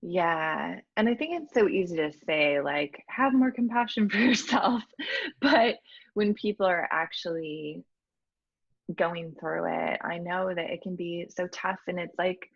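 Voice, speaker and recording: A woman hosting a podcast in a casual, reflective way, warmly affirming her guest. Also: fairly low pitch, measured pace, vocal fry, no echo, highs cut off. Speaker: podcast host. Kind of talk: casual conversational interview.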